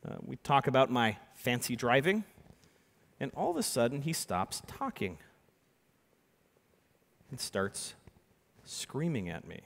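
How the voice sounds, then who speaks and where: A man, an animated storyteller giving a keynote talk, swinging from hushed to loud as he acts out the voices. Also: mid-range voice, slow, creaky, pauses often. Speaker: keynote speaker and magician. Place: large conference hall. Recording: reverberant conference hall.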